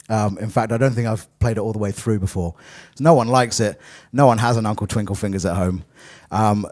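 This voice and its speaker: A man's voice: on the low side, a little mellow. A young man doing a live stand-up monologue between songs, rambling and self-mocking, full of ums and apologies. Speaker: comedian and musician. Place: live venue with an audience.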